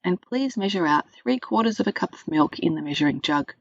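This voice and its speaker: Kind patient mother, read by a woman, gentle instructions, dry dull recording. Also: lowish voice, expressive, a little fast, creaky, no room sound.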